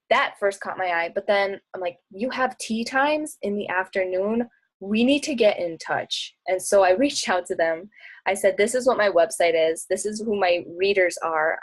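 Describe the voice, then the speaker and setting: A young woman talking casually as a travel blogger and coach, chatty and bubbly, often laughing and acting out bits of dialogue. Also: fairly low pitch. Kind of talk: casual talk answering audience questions.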